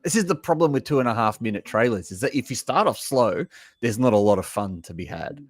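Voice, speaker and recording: A man hosts a casual live stream, talking straight to his viewers. His pitch swings freely up and down as he chats. The sound is dry and close, with almost no room around it. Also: a little fast, slightly rough, no room sound. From Australia. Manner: chatty, talks to chat viewers, lively asides. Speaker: livestream host reacting to trailers. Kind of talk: casual live reaction chat.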